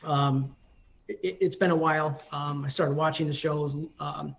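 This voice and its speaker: A man's voice: a little high, steady tone, measured pace, vocal fry. Rambling guest man, muffled audio. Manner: rambling, many ums and you-knows. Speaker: firefighter guest. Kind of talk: casual interview storytelling.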